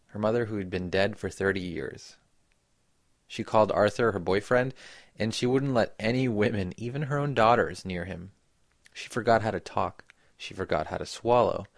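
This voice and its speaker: A man giving measured, reflective scripted narration for a radio story. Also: lowish voice, creaky, no room sound, studio quality.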